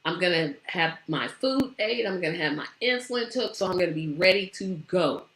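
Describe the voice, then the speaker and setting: A woman's voice: fairly low pitch, expressive, brisk, a bit bright, echoey room. A woman hosting her own show, chatting casually and rambling with many fillers, saying she is tired. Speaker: show host. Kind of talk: casual livestream chat.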